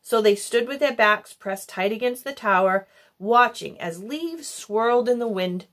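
A woman reads a children's novel aloud as a storyteller. Her voice sits fairly high and rises and falls in lively, animated swings. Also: measured pace. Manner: expressive, animated. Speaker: audiobook reader. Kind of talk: storybook narration.

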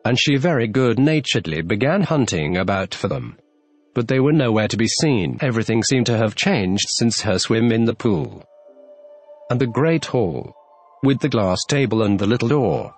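A man reading a classic storybook aloud as narrator, in a measured, even storytelling manner. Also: medium pitch. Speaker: audiobook narrator.

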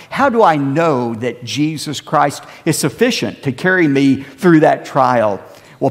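Male pastor, emphatic sermon delivery, somewhat high voice, long hall reverb. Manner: emphatic preaching, animated rises and drops.

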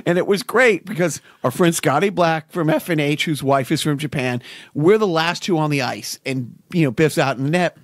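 Casting: man, high voice, dry close sound, rambling animated podcast storyteller. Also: moderate pace, no echo. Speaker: podcast co-host. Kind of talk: casual chat.

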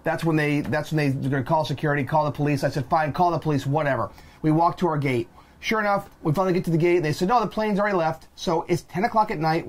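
A man co-hosting a podcast, retelling a bad travel day in an animated, exasperated way and acting out the people in it. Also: a little high. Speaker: podcast co-host. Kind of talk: casual storytelling.

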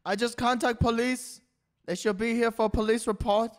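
A man's voice: extremely high pitch, little pitch movement, normal speed. A man in a game roleplay doing an exaggerated put-on broken-English voice as a restaurant worker. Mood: hushing.

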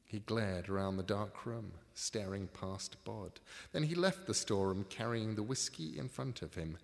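A man reading his own book aloud at a live signing event, measured and expressive. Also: lowish voice, gravelly. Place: book signing tour venue. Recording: live reading in a reverberant hall.

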